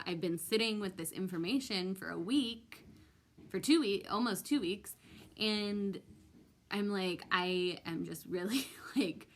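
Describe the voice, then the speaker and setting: Slow, hesitant young woman vlogger. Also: lowish voice. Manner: hesitant, many ums and restarts. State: emotional, near tears. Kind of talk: personal storytime vlog.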